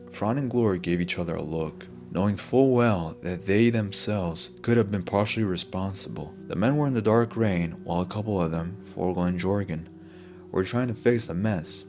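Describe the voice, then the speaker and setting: A man narrating a fantasy audiobook in a steady storytelling manner. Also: deep voice, normal speed, faint music behind. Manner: steady storytelling, voices every figure.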